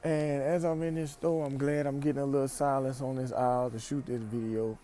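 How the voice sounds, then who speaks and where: A young man from Louisiana with a Louisiana accent, giving an animated, emphatic slang-filled vlog monologue in a store aisle, recorded on a phone camera. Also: medium pitch, fairly quick. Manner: animated, emphatic, repeats phrases, speaks in slang. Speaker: vlogger.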